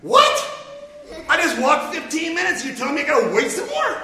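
A man's voice: extremely high pitch, sing-song, fast, a little hiss or hum, pitched above the performer's own voice, full character voice. A man doing a whiny, impatient little boy. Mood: fed up. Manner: pleading, demanding, shouting. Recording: echoey hall from far off.

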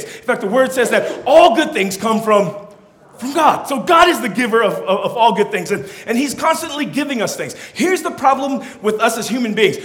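A young man preaching to a gathered crowd, his voice high and bouncing all over its range. He tells stories with playful acted-out lines between his points. The sound carries a roomy hall echo. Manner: animated, playful, acts out quotes with voices. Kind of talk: sermon. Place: hall or church with an audience.

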